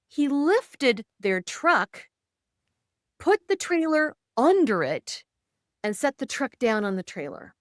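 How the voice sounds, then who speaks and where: A woman guest on a podcast, telling stories in an animated way and slipping into quoted voices. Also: high voice, slow pace, no echo, studio quality. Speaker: podcast guest, intuitive and author. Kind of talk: conversational storytelling.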